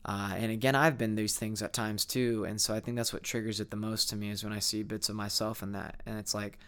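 A man's voice: on the low side, flat delivery, a little fast, fairly bright tone, smooth. A young man talking candidly to camera in a rambling, reflective vlog monologue, full of fillers and restarts. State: sleepy, yawning. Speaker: vlogger.

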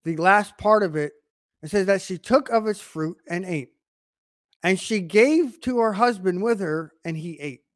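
Man preaching in a high dry voice. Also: unhurried, dry recording. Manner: conversational preaching with asides and repeated "by the way". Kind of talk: sermon.

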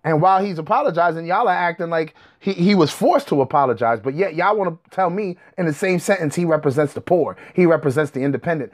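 A man's voice: fairly high pitch, expressive, quick pace. A young man talking straight to his audience in a heated, profane, combative rant. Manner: profane, combative, rising to angry outbursts. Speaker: commentator.

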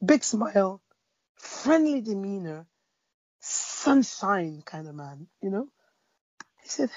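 A woman preaching in conversation, spinning a story with plenty of restarts and fillers. Her voice sits a bit high and sounds husky and mellow. The recording is dry and somewhat dull. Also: lively intonation, measured pace, long pauses, no room sound. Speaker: Christian speaker.

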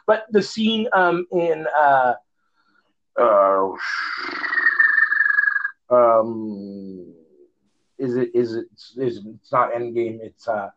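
A podcast co-host chats casually over the phone, rambling with many fillers and restarts. His medium-pitched voice is expressive and a bit bright, very slow with frequent pauses, and the phone audio is dull and lo-fi.

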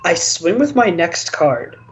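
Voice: mid-range voice, very animated, slow pace, slight background noise. A podcast co-host in casual chat, retelling a card game match in a rambling way, with lots of restarts and stammers. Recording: dull lo-fi audio.

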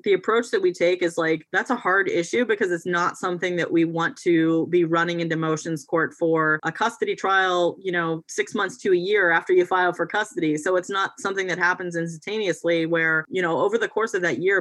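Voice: medium pitch, steady tone, brisk, hardly any pauses, a bit bright, dry recording. A family law attorney explaining things in a casual podcast chat, hedging often with fillers. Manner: explanatory, hedging with frequent "you know" and "like".

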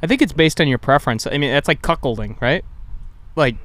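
A man's voice: a little high, animated, fairly quick, fairly bright tone. A young man chatting casually, rambling through crude stories and acting out what people said. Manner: rambling, crude storytelling with voiced quotes. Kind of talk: casual chat.

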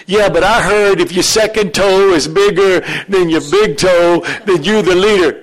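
Man, pastor, high voice, sermon, animated, jokes with congregation, church. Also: unhurried, low-quality recording.

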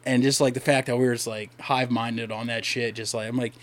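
A man's voice: medium pitch, level tone, fast talker. A young man from Delaware co-hosting a podcast, telling long, profane, rambling stories in casual chat. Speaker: podcast co-host.

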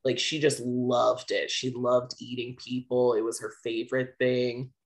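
Laid-back male podcast host, slow, easy delivery, casual swearing. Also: medium pitch, little pitch movement. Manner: laid-back, profane storytelling. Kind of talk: casual chat, retelling an anime.

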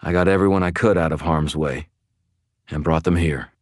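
A weak, injured young vampire talking low and feeble, played by a male narrator close to his own deep voice. His words come quietly and tiredly, with little push behind them. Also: normal speed, dry recording. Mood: weary.

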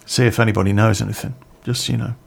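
A man's voice: lowish voice, steady tone, quick pace, gravelly, slightly rough. A middle-aged man telling a personal story in a casual, rambling way, swearing freely.

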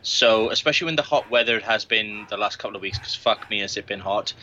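A man's voice: fairly low pitch, fast talker, bright, forceful tone, muffled recording, a little hiss or hum. A man in his late thirties, a podcast guest, telling crude, boastful anecdotes full of swearing in casual chat. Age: 30s. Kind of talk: casual storytelling.

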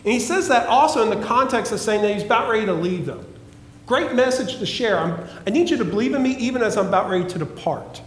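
A male pastor preaching a sermon, emphatic and repetitive, dropping at times to a hushed, pleading tone. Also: sits high, animated, quick pace. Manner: emphatic preaching with repeated phrases and swings from loud to hushed. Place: church sanctuary. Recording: echoey church hall.

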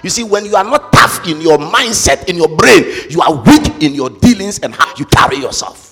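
Husky high-voiced man preaching with shouts. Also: animated, normal speed. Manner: emphatic, rises to shouts and sing-song, calls on congregation to repeat. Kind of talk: sermon. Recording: reverberant hall with faint music.

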